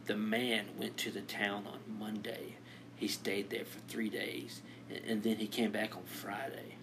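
A man's voice: on the low side, flat delivery, a little slow, background noise. A man co-hosting a casual comedy podcast, posing riddles and laughing often. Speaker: podcast co-host.

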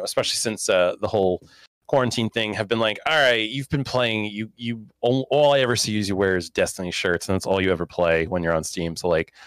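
A young man with a fairly low voice talks games in a casual, excitable way, often restarting his sentences. His voice is recorded dry and close, with no room sound. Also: no echo. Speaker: podcast co-host. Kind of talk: casual gaming chat.

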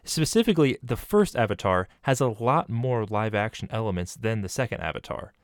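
A man's voice: on the low side, expressive, brisk, no room sound, clean studio sound. A man hosting a casual film podcast, steering the talk with questions and examples. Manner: asks probing questions. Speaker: podcast host.

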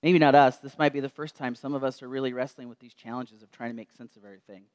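Preacher, male, mid-pitched, reflective storyteller, slows down on key lines. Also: fairly even intonation. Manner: storytelling, slows and softens for quoted words. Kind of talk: sermon. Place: church.

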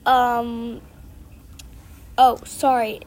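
High-voiced hesitant teen girl vlogger. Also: little pitch movement, extremely slow. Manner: hesitant and apologetic, many fillers. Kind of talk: casual skit vlog.

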